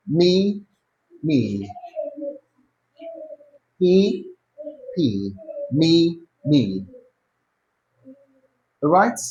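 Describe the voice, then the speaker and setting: A pronunciation teacher runs a lesson, modelling words slowly and drawing them out, repeating each for the learner to copy and adding brief encouraging prompts. The voice is medium-pitched and the recording is rough.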